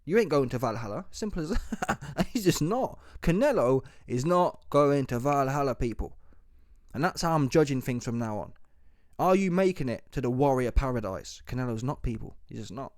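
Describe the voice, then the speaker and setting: A man rants in a slangy, forceful monologue and keeps tossing in rhetorical questions. His voice sits in a middle pitch. The recording is dry and close with no room sound. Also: animated, normal speed, no room sound. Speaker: boxing commentary YouTuber. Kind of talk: opinionated monologue.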